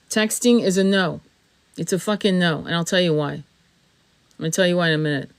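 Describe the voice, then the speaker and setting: With a medium-pitched, darkish voice, this middle-aged tarot reader speaks casually to camera during a spiritual reading. She's blunt and emphatic, cursing without restraint and laughing a lot.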